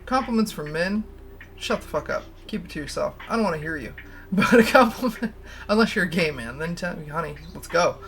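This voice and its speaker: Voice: medium pitch, lively intonation, fairly quick, fairly bright tone, a little hiss or hum. A livestream host chatting casually, rambling and candid, laughing often and swearing freely. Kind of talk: casual stream chat.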